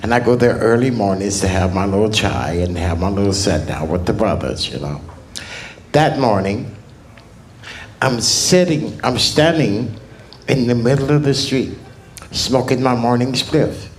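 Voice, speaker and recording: A male stand-up comedian telling crude stories in a slow, laid-back way on a club stage. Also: lowish voice, animated, slight background noise.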